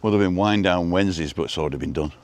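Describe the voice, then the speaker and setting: A low-pitched man races through his words during a casual live-stream chat he films while driving. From inside the car, he reads out viewer comments with a dry, joking touch.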